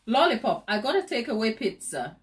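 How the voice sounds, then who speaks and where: A woman's voice: a little high, big pitch swings, fairly quick. A woman hosting a baking channel, chatting and teasing viewers during a live stream while she decorates, laughing often.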